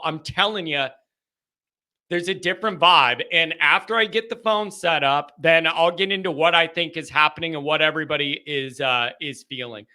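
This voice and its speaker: A man hosts a live call-in show, rambling casually and breaking into animated rants. His voice sits high for a man, with a sharp, bright edge. He talks loosely and jumps between stories. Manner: animated, rambling, loud ranting bursts. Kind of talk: casual live-stream chat and storytelling.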